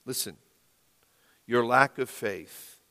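Slow-preaching pastor man in a reverberant church. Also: medium pitch. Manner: slow, emphatic preaching with rising, loud stresses. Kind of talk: sermon. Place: church sanctuary. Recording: long reverb of a church hall.

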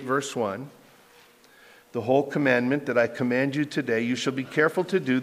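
A man's voice: medium pitch, fairly bright tone, big-room sound. A man preaching a sermon as pastor, asking rhetorical questions and building in intensity as he reads scripture.

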